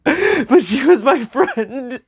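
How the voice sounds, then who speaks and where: A young woman speaking slowly and tearfully in a personal memorial vlog, with soft nervous laughs. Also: high voice, sing-song. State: crying. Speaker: vlogger.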